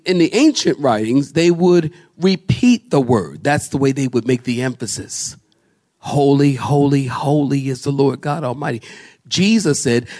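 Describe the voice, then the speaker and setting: A man preaching a sermon as pastor, quizzing his congregation and swinging from slow, low scripture readings to raised emphatic lines. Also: darkish tone. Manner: preaching with call-and-response questions to the congregation; slows and drops low for scripture names, rises high for emphasis.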